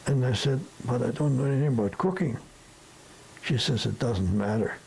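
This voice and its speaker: A man's voice: mid-range voice, a little fast, creaky, darkish tone, a little hiss or hum, rough recording. An older man from the Sudetenland reminiscing in a rambling storytelling way, tacking questions onto his sentences. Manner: rambling, peppered with tag questions. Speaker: interviewee.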